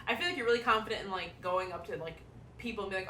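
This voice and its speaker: A woman's voice: medium pitch, very fast, bright, forceful tone. A woman co-hosting a podcast in casual chat, rambling with lots of fillers. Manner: rambling, filler-heavy talk. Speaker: podcast co-host. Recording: echoey room with faint noise.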